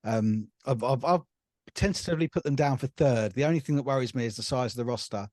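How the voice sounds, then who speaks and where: A man's voice: medium pitch, fast, darkish tone, dry recording, clean studio sound. An easygoing, enthusiastic man from England, a guest on a casual sports podcast.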